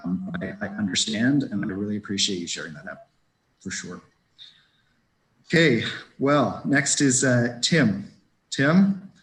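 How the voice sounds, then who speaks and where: A man chairing a meeting, reassuring and halting in his speech. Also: mid-range voice. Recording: echoey room with faint noise.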